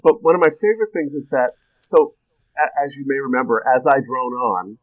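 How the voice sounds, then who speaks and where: A man chatting as a podcast guest, a working actor trading stories from the set. He talks in a lively, animated way and often breaks into chuckles. His voice sits at an ordinary middle pitch. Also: brisk, phone-quality sound. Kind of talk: casual podcast chat.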